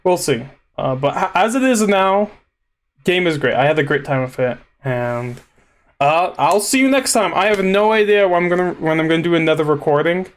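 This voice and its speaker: Nervous rambling young man, slightly high voice. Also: animated, normal speed. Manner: rambling, self-conscious, stammering restarts; laughs nervously, grows emotional. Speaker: vtuber gaming streamer. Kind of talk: casual rambling monologue.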